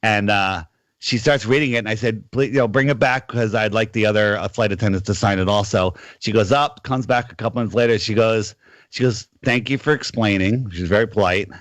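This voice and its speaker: A man's voice: fairly low pitch, fairly quick, dry recording. A middle-aged man on a casual call-in radio show, telling a rambling story and acting out the lines of the people in it.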